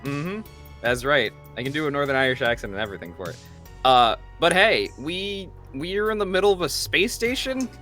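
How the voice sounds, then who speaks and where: A man's voice: on the high side, very animated, fairly quick, bright, forceful tone, faint music behind. A man player chatting casually, stumbling and restarting with laughs. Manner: restarts a lot, laughs while talking. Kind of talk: casual chat.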